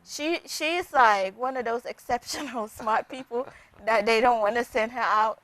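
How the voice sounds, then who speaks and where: A woman with a slightly high voice speaks as a guest on a television interview. She talks in a chatty, storytelling way and acts out what her patients said to her. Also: unhurried, fairly bright tone, dry recording, poor audio. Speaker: nurse practitioner guest.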